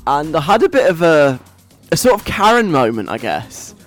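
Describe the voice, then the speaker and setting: A man's voice: a little high, very animated, moderate pace, faint music behind. Chatty young male radio DJ. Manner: chatty, giggly, rambling. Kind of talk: casual radio chat.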